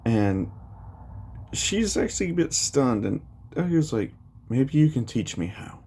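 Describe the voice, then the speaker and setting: A man's voice: mid-range voice, big pitch swings, a little slow, a little mellow, husky. A man casually retelling a fan story, rambling with many fillers.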